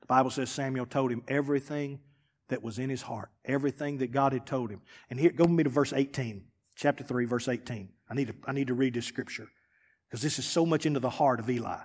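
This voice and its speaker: A man preaching a sermon as pastor, swinging from loud emphatic lines to hushed, dropped phrases. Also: mid-range voice, fast talker, long reverb tail.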